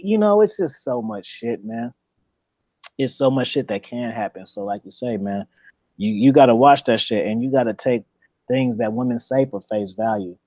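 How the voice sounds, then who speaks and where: A man's voice: mid-range voice, mellow, dry recording. A man in casual chat, telling a long rambling story with lots of profanity and repeated words.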